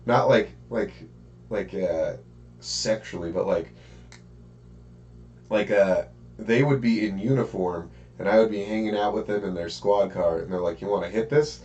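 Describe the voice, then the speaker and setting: Chill guy on a podcast riffing, lowish voice, repeats his punchline over and over. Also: unhurried, darkish tone, muffled recording. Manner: laid-back, repeats himself for comic effect. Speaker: podcast co-host. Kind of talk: casual chat.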